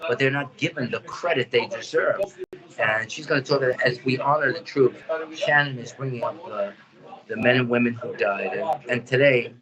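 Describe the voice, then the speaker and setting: A man hosting a talk radio show, speaking in an earnest, somber, measured way. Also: medium pitch, poor audio. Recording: crowd chatter behind.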